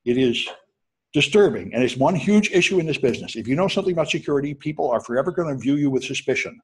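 A man lecturing a college class at a rapid clip, words tumbling out one after another. His voice has a husky, slightly rough edge, and he keeps the talk loose and animated. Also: medium pitch. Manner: animated, talks fast to students with asides. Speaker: college instructor.

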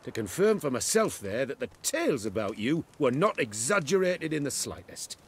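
A genteel inventor in a video game. He speaks formally and effusively, with a very lively, animated rise and fall. A faint background hum sits behind him. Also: medium pitch, moderate pace. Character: genteel eager male inventor.

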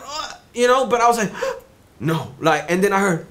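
Young male storyteller, slightly higher pitch, lively and profane, casual delivery. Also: moderate pace. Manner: animated, swears freely, repeats "you know what I'm saying".

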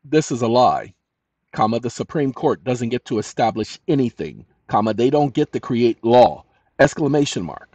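Combative man dictating with shouted commands. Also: mid-range voice, animated, moderate pace, no room sound. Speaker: channel host. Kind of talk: ranting commentary, dictating to a chatbot.

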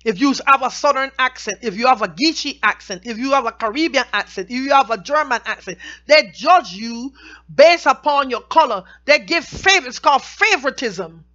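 A woman teaching Bible verses, reading each verse slowly and then explaining it in plain everyday talk. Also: high voice, lively intonation, pushed and bright. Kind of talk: scripture teaching with commentary. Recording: dull lo-fi recording.

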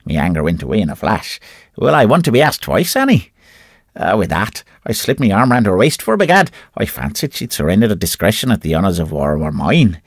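A man's voice: low voice, big pitch swings, brisk, hardly any pauses, no echo, studio quality. A man narrating a classic short story as an audiobook, telling it expressively in the first person.

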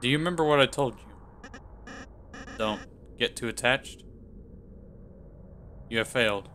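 A man voicing a cruel, grandiose tyrant king in a video game, speaking in pompous, archaic words with a low, menacing hush. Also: a little slow, slight background noise. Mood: scornful.

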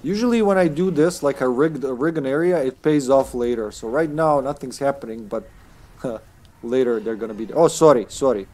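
Male game streamer, mid-pitched, casual, playful accent-switching. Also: moderate pace, darkish tone. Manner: joking, swearing, slipping into put-on accents. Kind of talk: casual gameplay commentary.

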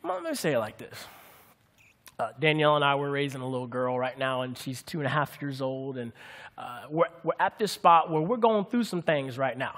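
A man preaching a lively sermon with humor, calling out to the congregation for answers. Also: medium pitch, moderate pace, big-room sound. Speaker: pastor.

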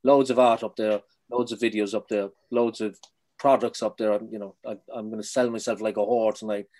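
A man from Ireland, a poet, chatting in an interview, quick and self-deprecating, trailing off softly. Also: lowish voice, level tone. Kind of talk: casual interview chat.

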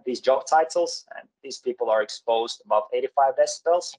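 A man presents over a video call, explaining workplace practice in a halting way. He fills pauses with many hesitations and restarts, in a plain mid-range voice. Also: mid-range voice, rough recording. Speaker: occupational hygienist presenter. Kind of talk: webinar presentation.

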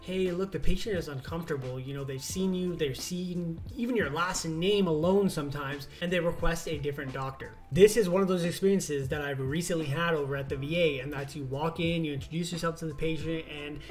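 A man's voice: a little high, brisk, hardly any pauses, faint music behind. A young adult man, a doctor hosting his own channel, explaining earnestly in a casual vlog. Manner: earnest, explanatory, rising emphasis. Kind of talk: casual talking-to-camera vlog.

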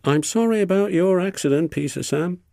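A man's voice: high voice, normal speed, vocal fry, warm tone, no room sound, studio quality, pitched above the performer's own voice. A man voicing a boastful, lazy male steam engine with a sly, self-excusing manner. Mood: smug.

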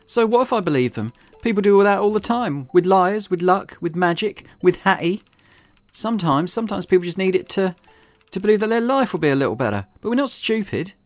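A man's voice: high voice, lively intonation, fairly quick, no room sound, faint music behind, pitched above the performer's own voice. Man voicing a flustered young fairy-tale lover. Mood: earnest. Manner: flustered and defensive, speeds up when upset. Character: earnest young woman who loves fairy tales.

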